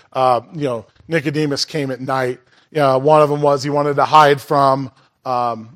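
A man preaching a sermon in a church in a conversational way, asking the congregation questions and making asides. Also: on the high side. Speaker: pastor.

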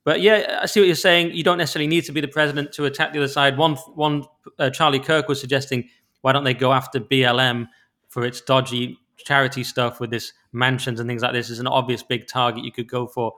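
A man co-hosts a casual podcast chat. He talks fast, with a bright, forward tone. His delivery is animated and opinionated, full of quick restarts. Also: mid-range voice. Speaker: podcast co-host.

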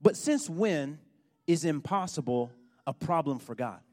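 A man preaching a sermon, telling a story with animated, emphatic build-ups. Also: on the high side, unhurried. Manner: animated storytelling, rising to loud emphatic points.

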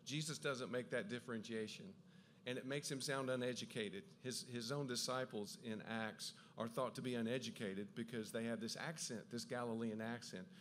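A man giving an enthusiastic Bible talk, with quick asides and frequent restarts as he explains. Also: mid-range voice, steady tone, a bit bright, a little hiss or hum. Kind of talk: lively lecture on the Gospels.

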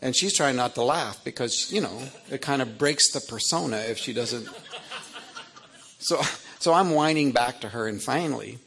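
A man's voice: medium pitch, expressive, moderate pace, vocal fry, fairly bright tone, slight background noise. A middle-aged man, an author, telling humorous family stories to an audience in a rambling, anecdotal way with self-amused asides. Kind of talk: humorous storytelling talk.

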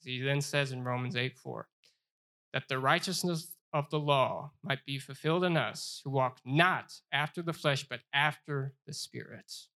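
Man, Bible study teacher, bright voice, earnest, repeats himself and slows down for scripture. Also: mid-range voice. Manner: earnest, repeats phrases, stumbles and restarts; reads scripture aloud with slow emphasis.

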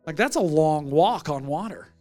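A man preaching a sermon as pastor, telling a story with lively acted-out voices. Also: a little high, normal speed, faint music behind. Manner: animated storytelling, acting out voices.

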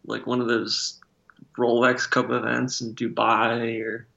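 A man chatting casually on a podcast, trading strong opinions with a joking edge. His voice has a gravelly fry to it. The recording is a little dull and lo-fi. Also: medium pitch, monotone, measured pace, pushed and bright. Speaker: podcast co-host. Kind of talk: casual sports chat.

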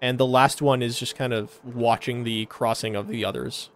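A man narrating a tabletop game as game master, describing scenes haltingly with many fillers. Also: medium pitch, steady tone.

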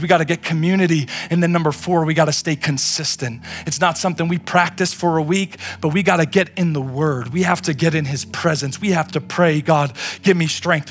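A man's voice: fairly high pitch, slightly rough. A young man preaching a sermon, passionate and repetitive, pushing his points home. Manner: preachy, repeats phrases, builds to impassioned shouting. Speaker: pastor.

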